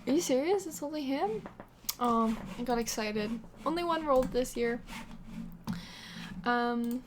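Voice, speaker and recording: A young woman casually narrating her life-simulation game story, chatty and excitable with many fillers and little gasps. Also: fairly high pitch, takes it slowly, long pauses, noisy background. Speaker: Sims gameplay vlogger.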